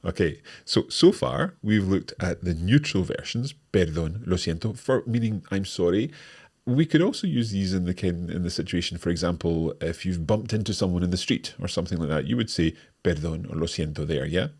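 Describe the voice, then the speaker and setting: A man hosting a language lesson, explaining each phrase and repeating it clearly for learners. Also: low voice, expressive, fairly quick, darkish tone. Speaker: language teacher and host.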